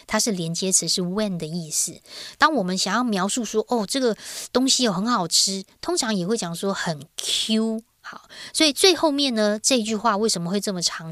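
A woman with a Taiwanese Mandarin accent teaching grammar in a lively way, drawing out her sentence endings. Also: medium pitch, moderate pace, dry recording, studio quality. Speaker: Chinese teacher.

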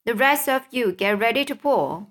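A woman's voice: on the high side, animated, moderate pace, a bit bright. Woman reading as a brave young boy. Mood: urgent. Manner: urgent, commanding. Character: young boy hero, brave and quick-thinking.

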